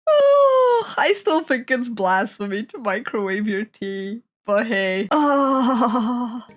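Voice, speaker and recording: A woman's voice: fairly high pitch, slow. A young European woman reacting to memes in a casual, chatty way, laughing often. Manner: giggly, chatty, frequent laughter. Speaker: reaction streamer.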